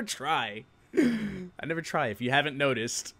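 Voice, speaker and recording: A man's voice: a little high, sing-song, a little slow, fairly bright tone, breathy edge. A young man from New York with a New York accent, hosting a live-stream show and chatting casually with viewers, laughing often.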